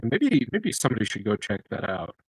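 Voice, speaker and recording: A man's voice: on the low side, wildly swooping pitch, a little fast, breathy edge, no echo, poor audio. A man playing in a tabletop game, asking the game master questions casually and tripping over his words. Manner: asks questions, stumbles and repeats words. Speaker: player.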